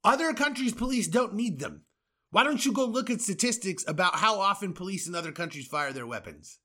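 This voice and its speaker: A man's voice: high-pitched, animated, brisk, pushed and bright. A man from the United States, a podcast host, delivering an angry, profane political rant with sarcastic asides.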